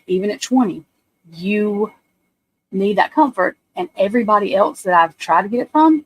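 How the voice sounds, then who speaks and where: A woman's voice: mid-range voice, low-quality recording. A woman in her forties with a drawl chats loosely on a livestream. She rambles from story to story, blunt and profane, and keeps turning to her viewers. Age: 40s. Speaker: livestream host. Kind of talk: casual chat on a livestream.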